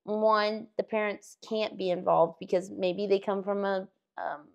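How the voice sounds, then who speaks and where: Gravelly-voiced woman teacher telling stories. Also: mid-range voice, a little slow, dull audio. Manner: animated storyteller, acts out children's voices. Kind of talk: casual podcast chat. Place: indoor podcast room.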